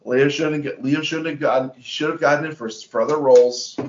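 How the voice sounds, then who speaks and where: A man's voice: a little high, steady tone, brisk, echoey room, muffled recording, slight background noise. A man co-hosting a casual movie-review chat who often restarts his sentences and keeps saying "listen". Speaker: podcast co-host.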